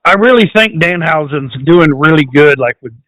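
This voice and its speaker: A man hosts a casual podcast, easygoing and quick to laugh, with plenty of swearing. His voice sits high and bright, recorded dry with no room sound. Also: animated, no echo, low-quality recording. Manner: laid-back, laughs often, swears. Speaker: podcast host. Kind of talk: casual chat.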